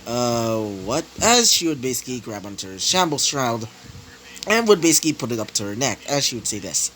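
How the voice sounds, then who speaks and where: A man's voice: medium pitch, very animated, fast talker, pushed and bright, a little hiss or hum, rough recording. A man improvising a fan story, rambling with many fillers.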